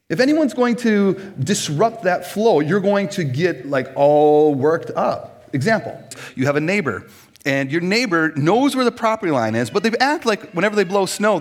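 A man in his forties from Minnesota, preaching a humorous sermon, joking and acting out little scenes as he goes. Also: high voice.

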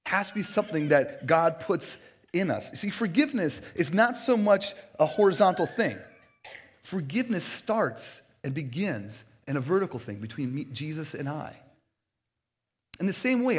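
A man preaching a sermon in a casual, conversational way, heavy on fillers, moving between hushed reflection and emphatic, animated questions. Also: on the high side. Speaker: pastor.

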